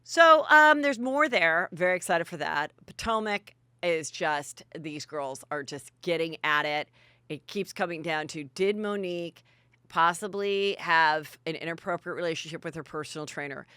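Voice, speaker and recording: Bright-voiced, chatty woman podcast host. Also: low-pitched, normal speed, smooth, no room sound. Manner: chatty, bawdy, breezy. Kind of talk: gossip recap.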